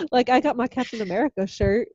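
A woman co-hosting a podcast in casual chat, loud and profane, laughing a lot. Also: high-pitched, muffled recording. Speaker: podcast co-host.

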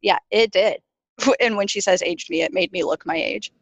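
A woman's voice: mid-range voice, very animated, moderate pace, creaky, no echo. Chatty, blunt woman podcast co-host. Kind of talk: casual podcast banter.

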